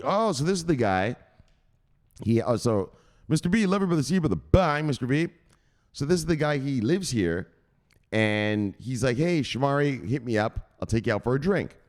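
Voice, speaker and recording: Here the crypto news show host, an excitable and profane man, sounds mid-range and creaky as he offers casual commentary, shouting "bang" to drive his points home.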